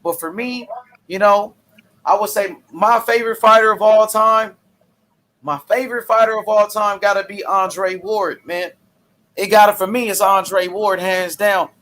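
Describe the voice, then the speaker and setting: A man's voice: high-pitched, fairly even intonation, a little slow, bright, forceful tone. A man hosting a casual boxing chat, enthusiastic and leaning on "you know". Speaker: boxing channel host.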